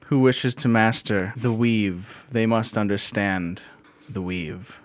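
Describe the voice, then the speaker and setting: Un hombre dando voz a una pizarra mágica que sermonea. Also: male voice, lowish voice, takes it slowly, dry recording. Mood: lecturing. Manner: solemn lecturing. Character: magical female chalkboard, lecturing teacher.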